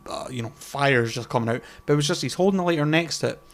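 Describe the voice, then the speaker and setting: A man co-hosting a casual podcast chat, rambling, swearing and groping for words, often trailing off quietly. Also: mid-range voice, fast. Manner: trails off quietly mid-sentence. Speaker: podcast co-host.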